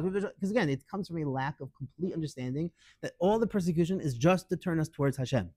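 A middle-aged man teaching a lively Torah class, acting out quoted voices and mixing Hebrew into English. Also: a little high, very fast, few pauses, breathy edge, dry recording.

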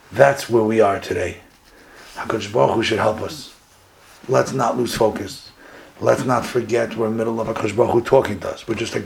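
A man giving a sermon as a rabbi, retelling a story dramatically, his voice jumping higher at key moments. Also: creaky, slight background noise, low-quality recording.

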